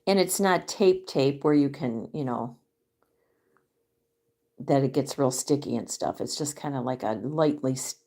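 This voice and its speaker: Slow, soft-spoken woman. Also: very deep voice. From Michigan. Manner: soft-spoken, drifting into near-whispers. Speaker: vlogger. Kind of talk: casual crafting chat.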